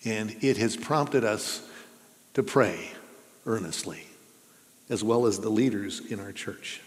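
In a reverberant church sanctuary, a pastor preaches earnestly and conversationally, putting questions to his listeners. His voice sits low, and he takes it slowly.

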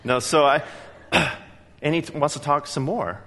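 A man preaching a sermon in a church, telling stories in a lively, emphatic way. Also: on the high side, measured pace, in a large hall. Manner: animated storytelling, emphatic. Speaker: pastor. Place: church sanctuary.

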